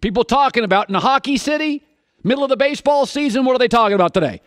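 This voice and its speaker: A man's voice: very high voice, animated, very fast, fairly bright tone, dry recording. A man hosting a sports radio show, delivering an opinionated monologue full of punchy, sarcastic rhetorical questions into a studio microphone.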